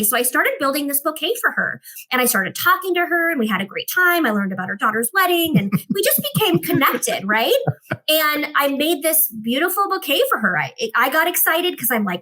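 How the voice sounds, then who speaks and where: A woman guest on a podcast telling an animated story and acting out the dialogue in it. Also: high voice, brisk. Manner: expressive, acts out dialogue in her stories.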